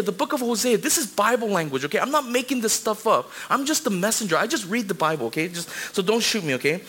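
Guy preaching a sermon in a church, high voice, chatty and animated, talks right to the congregation. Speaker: pastor. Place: church sanctuary.

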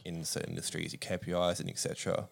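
A man co-hosting a podcast who chats in a relaxed way and lets sentences trail off. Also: deep voice, quick pace, gravelly. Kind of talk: casual chat.

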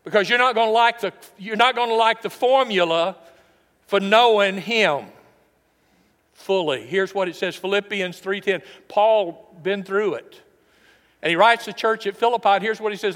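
An older man preaching a sermon as the pastor, emphatic and rising for stress, then dropping to hushed asides. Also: high voice, moderate pace, big-room sound. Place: church sanctuary.

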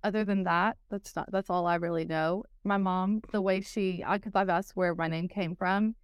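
Smooth-voiced Texan woman guest. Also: lowish voice, steady tone, moderate pace, dry recording. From Texas. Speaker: guest, recovery coach. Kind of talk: podcast interview.

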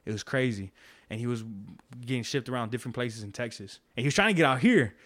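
A man's voice: medium pitch, expressive, fast, a bit bright. A man telling stories in casual podcast chat, slangy and profane, rambling with restarts.

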